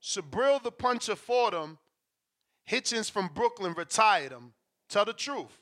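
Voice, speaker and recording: A man's voice: high voice, lively intonation, measured pace, fairly bright tone. A man hosting a podcast, arguing in a heated casual debate and cutting in with repeated phrases. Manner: argumentative, interrupts, repeats himself. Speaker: podcast host.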